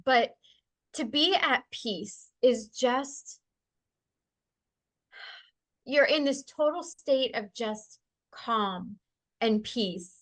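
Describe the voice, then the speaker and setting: A woman with a bright, slightly raised voice tells a personal story in a casual, conversational way. She is animated and expressive and laughs easily. She slows and softens when she turns to calmer thoughts. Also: fairly high pitch. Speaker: guest sharing a spiritual experience.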